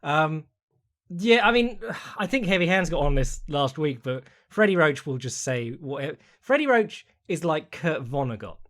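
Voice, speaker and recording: A man hosting a solo podcast, reading out listener questions and answering in a rambling, chatty way with quick asides. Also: fairly high pitch, sing-song. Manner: mimics people in quoted voices. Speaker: podcast host.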